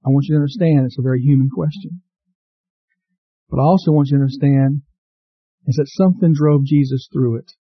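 A man's voice: mid-range voice, fairly even intonation, a little fast, long pauses, husky, no room sound, highs cut off. A man preaching a sermon, reading scripture aloud and building to impassioned cries. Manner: reads scripture aloud to the congregation. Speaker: pastor.

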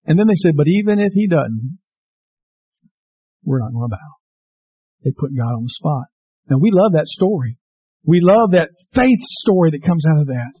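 Male preacher; bright high voice, emphatic storytelling, muffled recording. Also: brisk, slightly rough, dry recording. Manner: animated storyteller, folksy and emphatic. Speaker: pastor. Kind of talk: sermon with personal story. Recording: dull, slightly muffled sound.

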